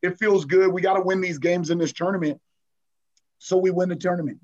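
A fairly high-voiced man coach tells an emotional story, often slipping into the voices of his players. The audio is muffled and lo-fi. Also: a little fast. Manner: animated retelling, acts out players' voices, frequent "man". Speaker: basketball coach, guest. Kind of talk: interview storytelling.

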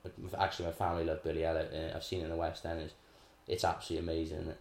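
A man's voice: extremely low pitch, monotone, very fast, vocal fry, darkish tone. A man co-hosting a casual chat, explaining political theory in a chatty, lecturing way. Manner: chatty, lecturing, laughs at his own asides. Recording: echoey room.

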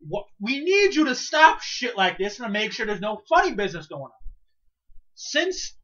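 A man's voice: high-pitched, normal speed, lo-fi sound. A man co-hosting a casual podcast, ranting with lots of swearing. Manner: profane, animated ranting. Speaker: co-host.

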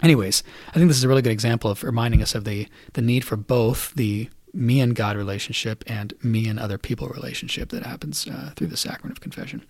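A man, a priest, retelling a saint's story to young listeners in a casual, animated way, then explaining its lesson. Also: medium pitch, fast, vocal fry, no echo. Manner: conversational, animated retelling with fillers.

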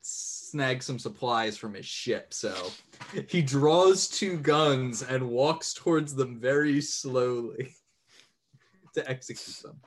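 A man's voice: mid-range voice, slow, a little hiss or hum. A man co-hosting a podcast, wryly picking apart a TV episode's writing in casual chat. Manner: wry, critical of the writing, laughs at the scenes. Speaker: podcast co-host.

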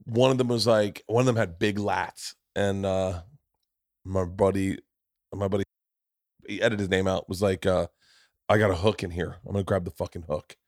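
A man's voice: deep voice, moderate pace, no echo, clean studio sound. A man hosting a podcast, telling a rowdy story in casual, profane chat and acting out the voices in it. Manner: profane, animated storyteller who acts out voices. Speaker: podcast host.

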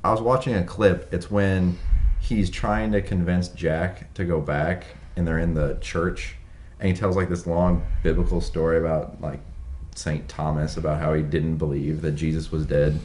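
Man, very low voice, casual podcast chat, animated explaining. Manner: quick, animated, explains things. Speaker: podcast co-host.

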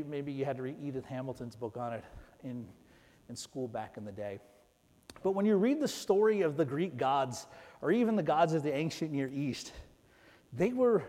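Guy preaching in a church, kinda high voice, loud then soft, long echo tail. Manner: conversational, wide swings from loud to soft. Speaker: pastor. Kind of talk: sermon. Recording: long reverb of a church hall.

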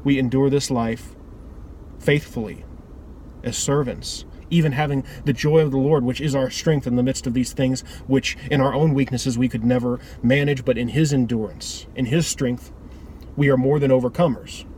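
Speaking at normal speed in a steady, darkish, mid-range voice, a man gives an earnest devotional talk in an informal style. He rambles and restarts his phrases repeatedly as he preaches, with a slight hiss or hum present.

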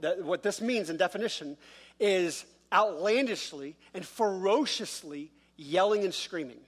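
A man delivers a sermon, his voice sitting fairly high for a man. He preaches casually, acting out little quoted voices and throwing rhetorical questions at the congregation. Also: fairly bright tone. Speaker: pastor.

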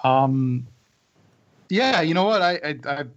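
A man co-hosting a casual chat, talking haltingly and stumbling over his words. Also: on the high side, lively intonation, dry recording. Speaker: co-host. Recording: dull, dry recording.

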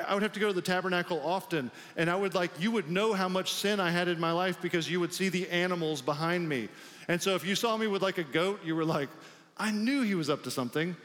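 A man's voice: high voice, a bit bright, in a large hall. A male pastor preaching a sermon in a loose, conversational way, with many filler "like"s.

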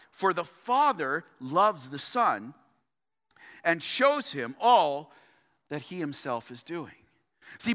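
A man's voice: high voice, bright, forceful tone, in a large hall. A man preaching a sermon as pastor, emphatic and fond of repeating key phrases for stress. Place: church sanctuary.

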